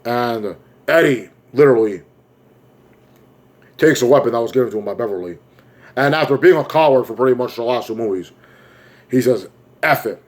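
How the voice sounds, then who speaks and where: A man giving an excitable, rambling plot recap as a movie reviewer, full of fillers. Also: medium pitch, a little fast, long pauses.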